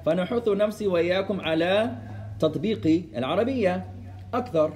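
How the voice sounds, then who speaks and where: In a classroom full of students, a male teacher rattles through a lesson in rapid-fire fashion, switching between Arabic and English and repeating words for the class. His voice is high and a little mellow.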